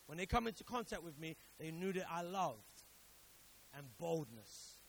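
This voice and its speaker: A man preaching a sermon who swings between hushed storytelling and loud exhorting, repeating words for emphasis and acting out the voices he quotes. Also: on the high side, sing-song, moderate pace, gravelly, slight background noise, poor audio. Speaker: pastor.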